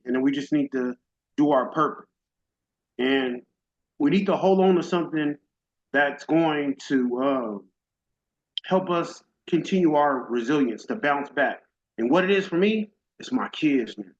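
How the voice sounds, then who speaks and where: A man's voice: on the high side, moderate pace. Emotional middle-aged man giving testimony. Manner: emotional, faith-driven, casual and direct. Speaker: summit speaker. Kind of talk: heartfelt personal testimony. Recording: dull lo-fi audio.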